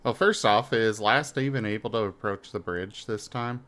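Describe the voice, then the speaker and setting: A man's voice: lowish voice, moderate pace, a bit bright. A man playing a tabletop game, hesitant and thinking aloud as he makes rolls. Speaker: player. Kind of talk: tabletop role-play.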